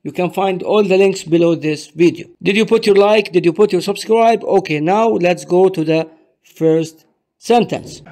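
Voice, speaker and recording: A man with a rather high voice runs a language lesson from his own channel. He says each word, repeats it and explains it one step at a time, in a patient, teacherly way. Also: moderate pace, a little mellow, slight background noise. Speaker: Arabic teacher.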